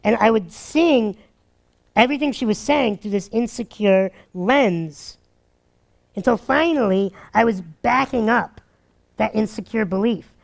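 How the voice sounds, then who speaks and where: A man giving dating advice through energetic, animated stories, acting out what people said and laughing often. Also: sits high, unhurried, gravelly. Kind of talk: animated storytelling talk.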